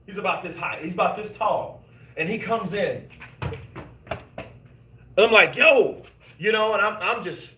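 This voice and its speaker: A man hosting casual boxing commentary, reading viewer comments and telling stories in an animated, emphatic way, swearing freely. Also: high voice, moderate pace, slight background noise. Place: gym. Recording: echoey gym room.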